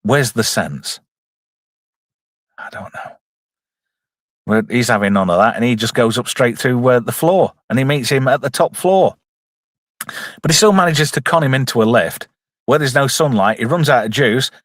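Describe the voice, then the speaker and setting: A man's voice: medium pitch, normal speed, a bit bright, no room sound, clean studio sound. A man giving jokey, casual live commentary on a film and reading out chat messages. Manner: jokey, reads out chat, puts on silly voices. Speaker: streamer reviewing a film.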